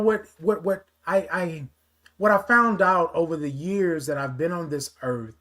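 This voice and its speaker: A man with a high voice hosts a morning livestream. He calls out to viewers by name and then preaches to them in an earnest, motivational way. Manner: preachy, talks straight to viewers, greets commenters. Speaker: livestream host. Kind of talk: casual motivational livestream talk.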